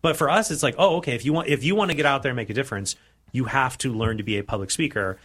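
A man's voice: mid-range voice, very fast, a bit bright. A man in his forties co-hosting a radio talk show, chatty and joking, with many restarts. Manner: talkative, restarts and jokes. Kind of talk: casual radio chat.

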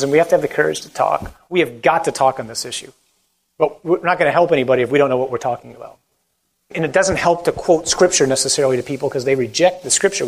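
On a low-quality recording, a man with a slightly high voice speaks as a Catholic priest. His talk on evangelization is animated and conversational, with quotes acted out along the way, and he ends by leading a closing prayer.

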